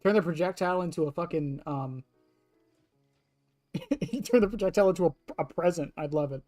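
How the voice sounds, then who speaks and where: Casual live streamer, jokey and laughing, voice a bit cracked, soft game music underneath. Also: medium pitch, fairly quick, dry recording. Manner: laughs often, joking with chat. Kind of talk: live-stream gaming commentary.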